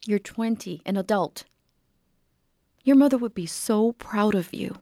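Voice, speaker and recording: A woman acting a caring aunt who speaks gently and pleads with her nephew. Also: medium pitch, measured pace, no room sound, clean studio sound, lightly acted. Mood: pleading. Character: caring aunt, patient and worried.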